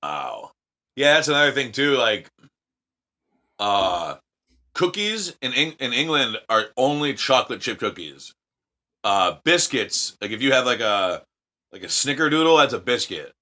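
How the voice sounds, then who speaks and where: A man from the United States, a podcast guest telling profane, animated anecdotes in casual chat. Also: mid-range voice, measured pace.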